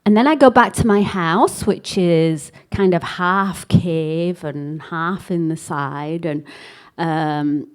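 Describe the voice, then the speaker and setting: Woman speaking at a workshop, kinda low voice, chatty storyteller, acts out the dialogue. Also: takes it slowly, clear, resonant tone. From England. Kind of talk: storytelling talk to a live audience.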